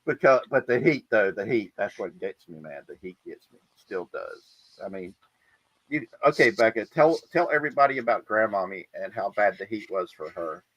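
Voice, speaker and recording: A man's voice: on the low side, expressive, normal speed, a bit bright, no room sound, lo-fi sound. A man hosting a podcast in casual chat, telling stories with lots of swearing and laughter. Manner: profane, laughing storyteller. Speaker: podcast host.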